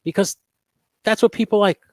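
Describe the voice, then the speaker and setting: A man's voice: high-pitched, moderate pace, darkish tone, dry recording. A man in casual chat as a guest, laid-back and profane, laughing often. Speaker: podcast guest.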